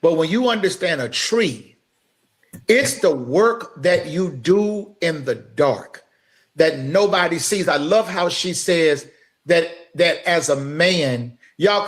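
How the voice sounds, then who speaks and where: A grown man co-hosting a talk show, his voice sitting high for a man. He builds his points like a preacher, emphatic and direct, calling out to the audience as he goes. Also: unhurried, fairly bright tone. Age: adult. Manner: emphatic, building like a sermon, addresses listeners directly. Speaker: podcast co-host. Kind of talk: impassioned podcast talk, preacher-like.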